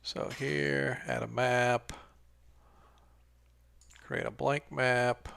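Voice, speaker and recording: A man's voice: medium pitch, flat delivery, very slow, creaky, a bit bright, clear, resonant tone, no room sound. A man acting as game master, chatting loosely and trailing off mid-sentence while he sets up maps for an online game. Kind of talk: casual pre-game chat.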